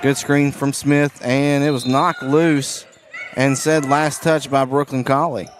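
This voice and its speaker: Hoarse raspy man calling basketball. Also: medium pitch, level tone, slight background noise. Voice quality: raspy, strained voice. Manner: brisk play-by-play, casual asides to listeners. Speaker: play-by-play announcer. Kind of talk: live basketball commentary. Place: school gym.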